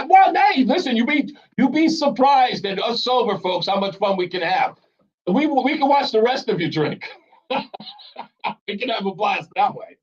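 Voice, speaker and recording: A middle-aged man hosting a call-in talk radio show, chatty and quick to laugh as he banters with callers. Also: very high voice, expressive, lo-fi sound. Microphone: studio broadcast mic.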